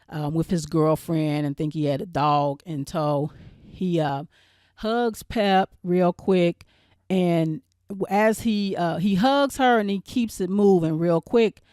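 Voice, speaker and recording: A woman's voice: fairly low pitch, darkish tone, no echo, studio quality. A woman hosting her channel, casually recapping a TV episode in a chatty, rambling way with lots of fillers and restarts. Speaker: show reviewer and channel host.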